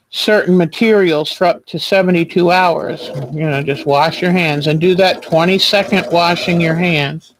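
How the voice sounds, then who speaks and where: A man hosting a quilting livestream, chatting gently and reassuringly while he sews at home. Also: high-pitched, low-quality recording. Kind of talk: casual chat while sewing.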